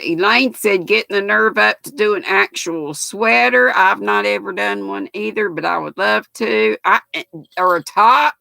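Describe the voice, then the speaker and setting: A woman's voice: medium pitch, creaky, sharp tone, no room sound. An older woman with a North Carolina accent, hosting a livestream in a chatty, folksy way and reading viewer comments aloud. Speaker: livestream host reading chat. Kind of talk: casual chat.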